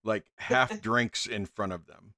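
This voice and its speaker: A man's voice: lowish voice, takes it slowly, sharp tone, no echo, clean studio sound. A man narrating as game master in a casual tabletop game, laid-back with frequent ums and chuckles.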